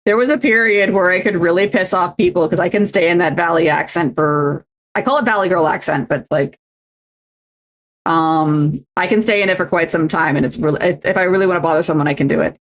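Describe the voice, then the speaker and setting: A woman's voice: on the low side, a little fast. A young adult woman streamer in casual chat, talking in loose runs full of fillers and restarts. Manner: chatty, many fillers and restarts. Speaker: streamer and co-host.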